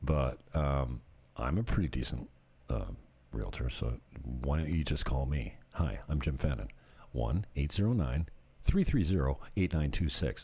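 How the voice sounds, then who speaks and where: A man's voice: very deep voice, lively intonation, unhurried, darkish tone, slightly rough. A middle-aged man who works as a real estate agent, chatting casually in a vlog and telling rambling, jokey stories. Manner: rambling, jokey storytelling with laughs.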